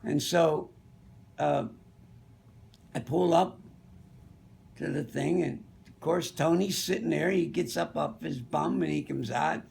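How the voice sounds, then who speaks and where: Slow gravelly older man telling stories. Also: a little high, a little mellow. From Pittsburgh area. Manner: rambling, fond, with many you-knows. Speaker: storyteller. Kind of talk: casual anecdote telling.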